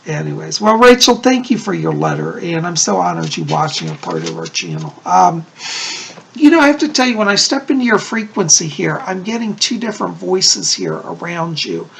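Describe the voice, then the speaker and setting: A man's voice: on the high side, big pitch swings, fairly quick, creaky, a bit bright, a little hiss or hum. A man working as a psychic medium, doing a casual video reading, chatty and reassuring, often checking in with "okay?".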